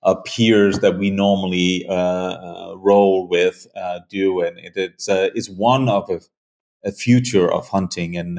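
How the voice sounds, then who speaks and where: Guest interviewee: a man with a deep voice, earnest, halting speech full of fillers. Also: a little mellow. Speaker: hunting show creator, guest. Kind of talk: conversational interview.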